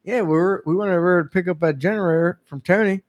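A man's voice: sits high, quick pace, lo-fi sound. A man co-hosting a casual podcast, talking loosely and laughing, with some swearing. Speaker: podcast co-host. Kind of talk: casual chat.

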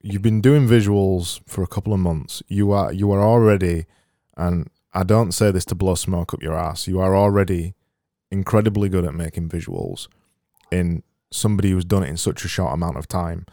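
A man's voice: deep voice, moderate pace, mellow, no echo, clean studio sound. A man hosting a casual interview, enthusiastic and often restarting his phrases as he thinks aloud about design. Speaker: podcast host and designer.

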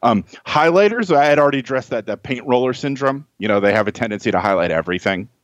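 A man's voice: medium pitch, expressive, fast talker, dry recording. A man as a guest tutor on a podcast, explaining study advice in a conversational way with many restarts.

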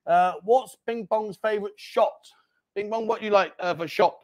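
A man hosting a lively live-stream chat in a bar, bossy and jokey, calling everyone mate. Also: high-pitched, normal speed. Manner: jokey, bossy banter, calls people mate. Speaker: host.

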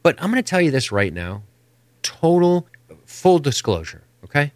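A man's voice: a little high, very animated, normal speed, a little mellow, no room sound. A man co-hosting a podcast, chatting casually and opinionated, rambling and swearing freely. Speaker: podcast co-host. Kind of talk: casual chat.

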